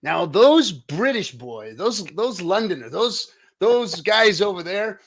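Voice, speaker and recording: A man's voice: high-pitched, big pitch swings, slow. A middle-aged American man hosting a casual live-stream chat, rambling with lots of fillers and restarts, joking and hyping up his guest. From United States. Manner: jokey and hyped. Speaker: show host.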